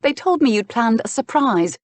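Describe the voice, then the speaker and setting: Young woman, distraught actress, tearful, sharp outbursts, read by a woman narrator, dry audiobook sound. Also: on the high side, animated, normal speed, no echo, voice pushed up, natural voice. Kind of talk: audiobook dialogue reading.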